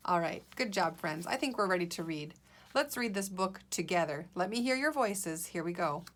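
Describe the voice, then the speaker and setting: A woman's voice: lowish voice, expressive, moderate pace, fairly bright tone. A woman teacher leading a guided reading lesson for young children, patient and encouraging, sounding out letters and words.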